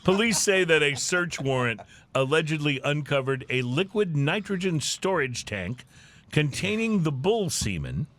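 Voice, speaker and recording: A man's voice: on the high side, very animated, a little slow, a bit bright. A man hosting a playful drinking-news segment on a podcast, reading stories with theatrical, punny delivery.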